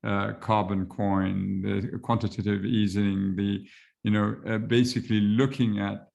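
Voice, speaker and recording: A man's voice: lowish voice, little pitch movement, unhurried, vocal fry, darkish tone, muffled recording. A man moderating a panel conversation, hesitant, with many fillers and restarts.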